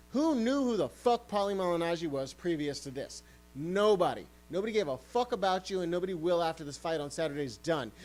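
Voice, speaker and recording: A man's voice: high voice, poor audio. A man hosting a sports podcast, ranting heatedly and swearing often. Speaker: podcast host.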